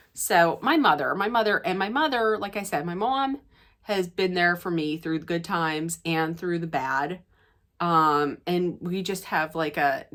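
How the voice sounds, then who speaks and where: A woman's voice: lowish voice, a bit bright. Chatty woman vlogging to camera. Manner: chatty and rambling, many restarts. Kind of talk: casual chat to camera.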